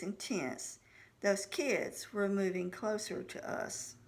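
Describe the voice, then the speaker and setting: In a mid-range, fairly bright voice, a woman narrates an audiobook of her own first-person novel. She gives voice to every character's dialogue.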